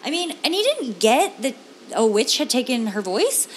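A woman's voice: high voice, sing-song, normal speed, slight background noise. A young woman co-hosting a comedy podcast, chatting casually in a rambling way with lots of "like". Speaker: podcast co-host. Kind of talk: casual chat.

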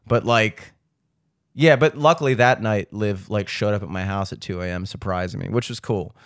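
A man's voice: lowish voice, moderate pace, no room sound, studio quality. Rambling, profane man in his thirties. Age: 30s. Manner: rambling, profane, heavy use of "like". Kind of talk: casual storytelling chat.

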